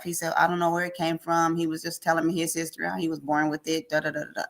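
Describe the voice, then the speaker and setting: A woman guest in an interview, telling an emotional personal testimony with animated storytelling and acted-out dialogue. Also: low voice, racing, few pauses. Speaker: podcast guest.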